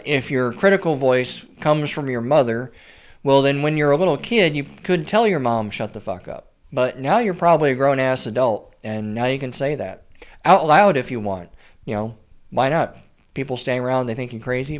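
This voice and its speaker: A man in a casual advice monologue, his pitch sitting in an ordinary middle range. He speaks bluntly and swears freely, often stumbling and repeating words as he works through a thought. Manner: frequent stammered word repeats. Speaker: writer and therapist.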